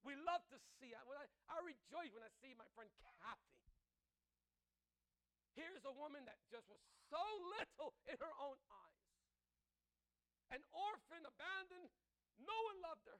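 Fervent high-voiced preacher man. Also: animated, moderate pace, long pauses, fairly bright tone. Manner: fervent, repeats words and restarts often. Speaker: pastor. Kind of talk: sermon.

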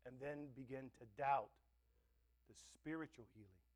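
A male pastor preaching a sermon, swinging between loud emphatic words and soft, quiet asides. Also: medium pitch, a little slow. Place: church.

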